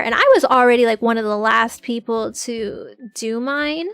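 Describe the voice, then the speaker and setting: A woman's voice: fairly high pitch, moderate pace, a bit bright, clear, resonant tone, dry recording. A young adult woman chatting casually to her live-stream audience, giggling often and filling her talk with "like". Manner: chatty, giggly, full of filler "like"s.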